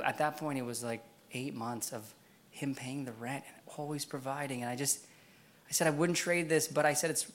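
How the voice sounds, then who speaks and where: A man's voice: medium pitch, fairly even intonation, normal speed. A man preaching a sermon in a church, telling a personal story in a casual way, with many fillers and frequent laughs. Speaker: pastor.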